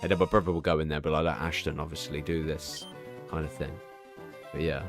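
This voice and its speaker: A man's voice: very deep voice, level tone, brisk, music in the background. A young man chatting casually on a stream, rambling and swearing freely as he tells stories. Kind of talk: casual chat.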